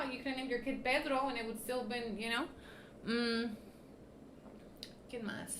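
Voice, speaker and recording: A woman's voice: on the high side, measured pace, pauses often, slight background noise. Blunt, swearing woman livestreamer. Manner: blunt and profane, switching into Spanish; animated and teasing, laughs often. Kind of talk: casual livestream chat.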